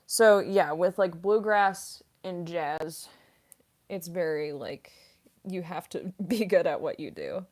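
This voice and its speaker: A woman's voice: fairly low pitch, lively intonation, slow, a little mellow. A young woman streamer and voice actress answering chat questions casually, rambling with lots of fillers and giggles.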